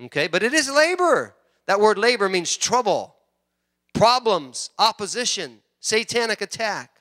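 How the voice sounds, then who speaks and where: A middle-aged man preaching a sermon as pastor, swinging between loud emphasis and quiet asides and often repeating words. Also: sits high, very animated, unhurried, no room sound, clean studio sound.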